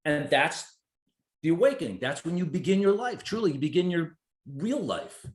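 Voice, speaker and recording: A man in his fifties from New Jersey, a podcast guest telling stories in an animated way, swearing freely and acting out his own inner voice. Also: fairly high pitch, normal speed. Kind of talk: conversational storytelling. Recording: roomy echo.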